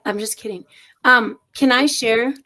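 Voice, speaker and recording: Chatty, higher-voiced woman co-host. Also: unhurried, bright, forceful tone. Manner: chatty, laughing storyteller. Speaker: co-host and middle school teacher. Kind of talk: casual livestream chat. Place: at home with a house full of people. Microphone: video call setup.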